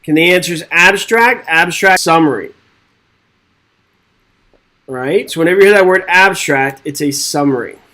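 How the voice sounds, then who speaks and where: Hosting a live exam-prep webinar, a real estate exam instructor reads quiz questions aloud and trades upbeat jokes with the chat. His voice is on the high side, expressive and sharp-toned, at normal speed with frequent pauses, on a low-quality recording.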